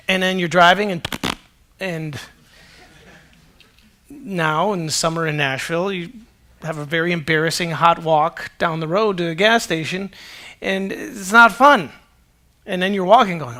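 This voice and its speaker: Bright, high-voiced pastor preaching. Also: male voice, brisk. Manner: animated storytelling, acts out dialogue. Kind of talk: sermon. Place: church auditorium with congregation.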